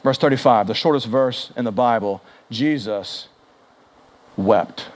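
A man preaching a sermon, animated and conversational, acting out quoted speech with big swings in pitch and volume. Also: a little slow. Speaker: pastor.

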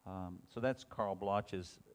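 Male Bible teacher, lower register, casual classroom delivery, reads passages then chats through them with stumbles. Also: slow. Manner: reads scripture aloud with rising emphasis, then talks it over with many restarts.

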